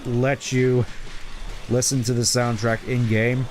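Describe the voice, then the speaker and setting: A man's voice: mid-range voice, level tone, takes it slowly, a little mellow, a little hiss or hum. A man streaming a video game, rambling and musing in casual commentary. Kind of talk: gameplay commentary.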